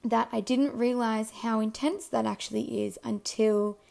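Hoarse young woman rambling earnestly. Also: on the high side, fairly even intonation, moderate pace, dark tone. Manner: rambling, earnest, many fillers. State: losing her voice, hoarse. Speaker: podcast host. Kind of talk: casual reflective monologue.

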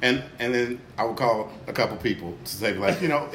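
A man's voice: mid-range voice, sing-song, fairly quick, gravelly, a bit bright, echoey room, slight background noise. A man hosting a casual chat, loose and laughing, rambling with lots of fillers. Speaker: podcast host.

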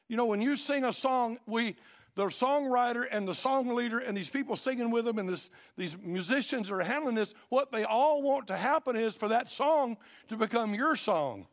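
A middle-aged male pastor delivers a sermon in a high, gravelly voice. He reads scripture in old-fashioned wording and acts out the voices in his stories as he preaches. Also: expressive, normal speed.

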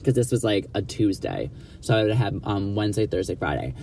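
A man's voice: on the low side, very animated, fairly quick, vocal fry, warm tone, slight background noise. A young man casually telling a story in a blunt, gossipy, profane way, acting out what others said. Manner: blunt, profane, gossipy, acts out quoted dialogue.

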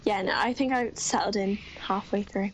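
A woman's voice: mid-range voice, steady tone, moderate pace, a little hiss or hum, low-quality recording. A teenage girl from Britain, a guest in a casual interview, chatty, saying "like" a lot and laughing easily. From Great Britain. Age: teens.

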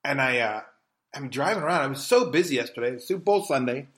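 A man's voice: medium pitch, animated, fast talker, fairly bright tone. A man co-hosting a podcast, telling stories in casual chat with many restarts. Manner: rambling storyteller with many restarts. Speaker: podcast co-host.

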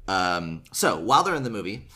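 A young man hosting a casual podcast, his voice low in pitch but bright and forward. He retells a story with energy, slipping into the characters' lines as he goes. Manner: animated, acts out characters' lines in quick asides. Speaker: podcast host. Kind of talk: casual chat, retelling a book.

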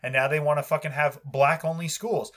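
A man's voice: a little high, steady tone, fairly quick, a bit bright. A young man on a podcast giving an angry, profanity-heavy rant with aggressive, heated delivery. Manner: heated, aggressive, swears constantly.

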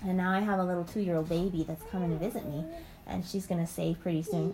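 A woman's voice: fairly low pitch, fast, warm tone, a little hiss or hum. A woman yoga teacher chatting enthusiastically in a casual vlog, talking while she moves through yoga poses. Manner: chatty, enthusiastic, rambling with many fillers.

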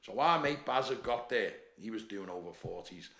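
A man's voice: fairly low pitch, moderate pace, vocal fry. A man with a Liverpool accent, a bodybuilder and gym owner on a podcast, telling stories in a casual chat full of swearing and "mate" and "lad". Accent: Liverpool (Scouse). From Liverpool, England. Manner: animated anecdotes, heavy swearing, lots of "mate" and "lad". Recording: roomy echo.

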